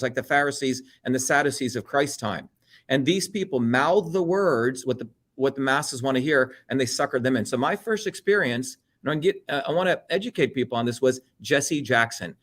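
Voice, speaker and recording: Blunt and animated, a middle-aged Indian interview guest holds forth on heated politics, swearing freely and mimicking others. His voice is medium-pitched and animated, moderately paced, with a fairly bright tone.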